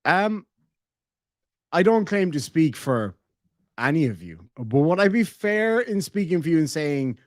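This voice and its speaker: A man's voice: fairly high pitch, very animated, measured pace, no room sound, studio quality. An Irish man hosting a live stream, reacting to clips with sarcastic disbelief and reading out viewer messages. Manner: incredulous, sarcastic, reads viewer messages aloud. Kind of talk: casual live-stream commentary.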